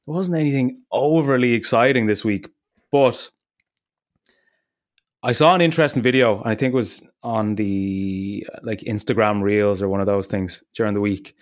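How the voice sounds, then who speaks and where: A man's voice: lowish voice, normal speed. A man hosting a podcast in casual, upbeat chat, laughing often. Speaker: podcast host.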